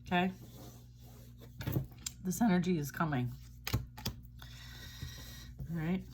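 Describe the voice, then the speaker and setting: A woman's voice: low voice, normal speed, background noise. A woman giving a casual tarot reading, chatty and reassuring, often checking in with "all right?". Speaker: tarot reader.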